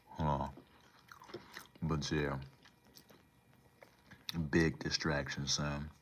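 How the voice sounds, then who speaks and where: Very deep-voiced man rambling to his chat. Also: level tone, very slow, a bit bright, slight background noise. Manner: rambling, slangy, talks back to chat. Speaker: livestream host. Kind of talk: casual livestream chat.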